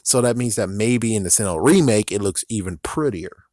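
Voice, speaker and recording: A man's voice: lowish voice, expressive, normal speed, darkish tone, dry recording, studio quality. A young man ranting angrily about video games, swearing and mocking the fans he is angry at. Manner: angry, profane ranting with mocking quoted voices. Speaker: video game commentator. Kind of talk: rant vlog.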